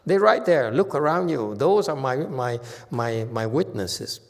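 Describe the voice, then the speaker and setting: Animated monk telling stories in a hall. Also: male voice, medium pitch, unhurried. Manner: animated, repetitive, keeps asking "okay?". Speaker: Buddhist monk and teacher. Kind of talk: dharma lecture, anecdotal storytelling. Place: temple lecture hall. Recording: reverberant hall.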